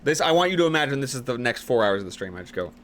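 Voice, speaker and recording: Young male streamer, lively and bright, erratic late-night energy, light hiss behind. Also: mid-range voice, rapid-fire. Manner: excitable, teasing, jumps from mumbling to yelling.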